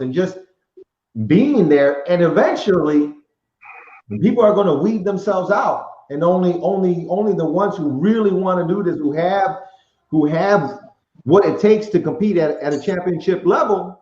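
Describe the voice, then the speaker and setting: A man's voice: fairly high pitch, a little mellow. A man hosting a podcast, reflecting on discipline and persistence in a casual, motivational way. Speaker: podcast host. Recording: echoey, dull remote call audio.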